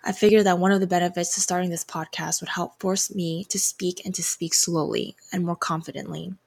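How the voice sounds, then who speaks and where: A woman's voice: fairly low pitch, steady tone, a little fast, gravelly, darkish tone, husky. A woman in her twenties hosting her own podcast, reading a reflective solo intro with a slightly hesitant delivery. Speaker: podcast host.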